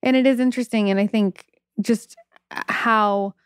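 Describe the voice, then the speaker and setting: A woman's voice: a little high, steady tone, a little slow, clear, resonant tone, dry recording, studio quality, faint music behind. A woman, a mother and podcast co-host, chatting in a bubbly, laughing way. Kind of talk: casual podcast chat.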